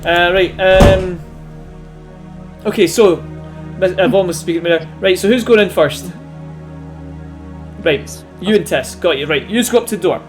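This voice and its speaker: A game master narrating a tabletop role-playing game, chatty and loose, with frequent laughter. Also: female voice, on the low side, moderate pace, pauses often, faint music behind. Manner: chatty, laughs often, says "yous".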